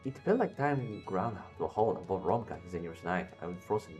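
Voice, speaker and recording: A man's voice: sits low, lively intonation, a little fast, darkish tone, muffled recording. A man streaming a game, reading its story text aloud and talking back to the characters with swearing and jokes. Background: game music.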